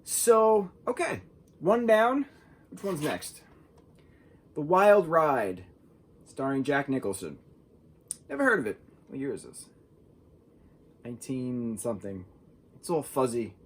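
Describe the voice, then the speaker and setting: Casting note: young male film reviewer, husky voice, loose rambling delivery. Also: medium pitch, sing-song, slow, long pauses. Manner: rambling, says "like" a lot.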